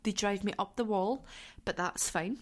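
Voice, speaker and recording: A woman's voice: medium pitch, moderate pace. Chatty young Scottish woman podcasting. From southwest Scotland. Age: 20s. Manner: chatty and effusive, swears casually. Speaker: podcast host. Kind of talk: casual solo podcast chat.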